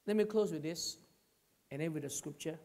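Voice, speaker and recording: A man preaching a sermon, swinging between loud rises and hushed drops and calling out to the congregation. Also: fairly high pitch, normal speed. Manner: calls to the congregation. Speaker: pastor. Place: church.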